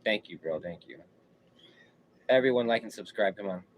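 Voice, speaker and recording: A man's voice: lowish voice, expressive, moderate pace, slight background noise, low-quality recording. Laid-back slangy man streaming. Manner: slangy, laid-back, repeats himself while reading chat. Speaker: livestream host. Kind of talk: casual live-stream chat.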